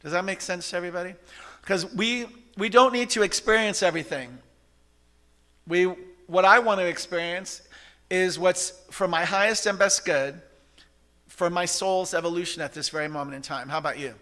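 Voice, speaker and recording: A man's voice: sits high, moderate pace, bright, forceful tone. A man giving an interactive spiritual talk to a congregation, often asking the audience questions. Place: church service hall.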